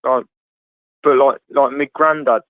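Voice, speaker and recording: A man's voice: medium pitch, fairly even intonation, a little slow, no room sound. A man with a Birmingham accent chatting as a caller on a video call. He rambles and jokes with lots of fillers. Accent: Birmingham English. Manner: rambling, jokey, many fillers. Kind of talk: casual chat. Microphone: joining by video call. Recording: dull lo-fi call audio.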